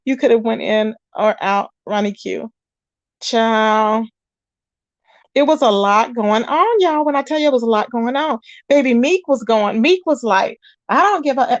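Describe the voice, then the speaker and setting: A woman's voice: sits high, animated, normal speed, no room sound, lo-fi sound. A woman hosting a casual livestream, chatting with viewers and calling them child and babe. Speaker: livestream host.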